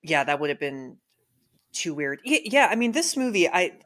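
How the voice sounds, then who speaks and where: A man, a guest on a podcast from the Philadelphia area, talking about a movie in an eager, animated way. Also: a little high, moderate pace. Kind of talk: casual podcast chat.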